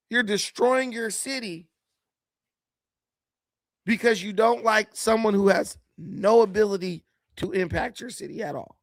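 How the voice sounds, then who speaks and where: High voiced dude doing political commentary, mocking, laughing a lot, slangy, dry close mic. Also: male voice, dry recording. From United States.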